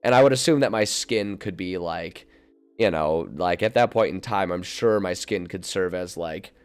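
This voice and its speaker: Rambling, chuckling young streamer. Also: male voice, low voice, normal speed, clear, resonant tone. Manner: animated and rambling, laughs often, many fillers. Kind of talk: casual live-stream chat, thinking aloud. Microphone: desk mic. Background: faint music.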